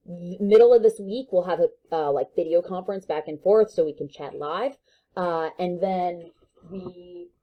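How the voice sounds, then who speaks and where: A woman's voice: fairly low pitch, warm tone. A woman teacher giving a recorded online lesson, talking in a casual, joking way with many fillers.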